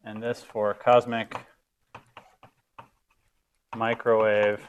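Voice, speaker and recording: A man's voice: on the low side, little pitch movement, extremely slow, narrow, tinny audio, a little hiss or hum. A man giving a live lecture on stage, chatty and self-deprecating, with many fillers.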